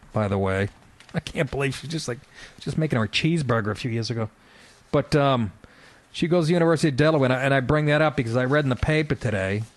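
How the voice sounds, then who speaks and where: This radio show talker is a middle-aged man with a medium-pitched voice, recorded with no room sound. He spins loose, foul-mouthed anecdotes, laughing often as he goes.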